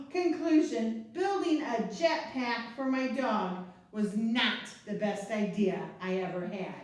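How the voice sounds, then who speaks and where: A woman librarian reading a picture book aloud to children, slow and expressive, with playful asides and gasps. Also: on the high side. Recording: echoey room, mic at a distance.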